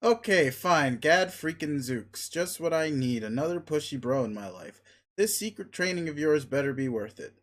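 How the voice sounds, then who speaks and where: A man reading aloud as an earnest, easily flustered young fellow who peppers his talk with old-timey exclamations. The voice sits a little high and close to the reader's own. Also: lively intonation, normal speed, close to an everyday voice.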